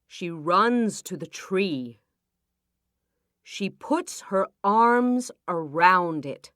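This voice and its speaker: A woman reading a children's story aloud in clear, deliberate, simple sentences. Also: fairly low pitch, expressive, a bit bright, no room sound, clean studio sound. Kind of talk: slow storybook narration for learners.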